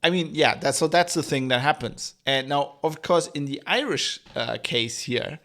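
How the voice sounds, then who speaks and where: A man's voice: on the high side, normal speed, fairly bright tone. A young man hosting a solo podcast, ranting sarcastically and swearing freely. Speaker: podcast host.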